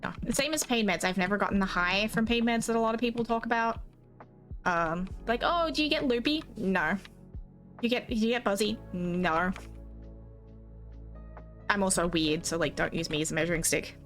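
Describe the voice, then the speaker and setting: A woman's voice: medium pitch, steady tone, normal speed, long pauses, a bit bright, faint music behind. A young Australian woman streaming a game, chatting casually and rambling, swearing freely and quoting herself and others. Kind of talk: casual chat while gaming.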